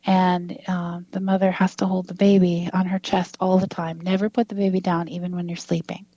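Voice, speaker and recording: Woman, 50s, low voice. A chatty interview guest who retells conversations and laughs often. Dull, dry lo-fi audio. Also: flat delivery, fairly quick, warm tone, no room sound. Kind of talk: casual interview storytelling.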